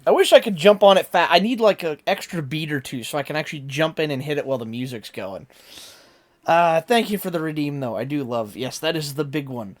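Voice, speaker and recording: A man streaming live who chats casually with his viewers, rambling and filling pauses with lots of ums and uhs. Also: on the high side, lively intonation. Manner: rambling and talkative, many fillers.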